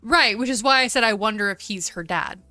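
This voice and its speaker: Streaming a game over soft background music, a woman with a Valley Girl accent talks in a fairly high, sharp voice. She's chatty, swears, and makes quick asides.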